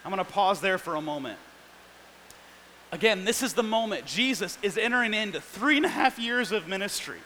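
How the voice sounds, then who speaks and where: A man preaches a sermon in a high-sitting, sharp-toned voice, reading scripture and explaining it with earnest emphasis that keeps building. The recording is rough, with slight background noise.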